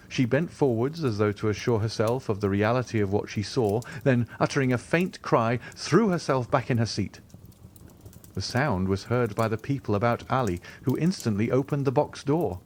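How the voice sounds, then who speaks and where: A man narrating a classic novel as an audiobook, measured and formal. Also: lowish voice, a little mellow, slight background noise. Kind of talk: scripted narration.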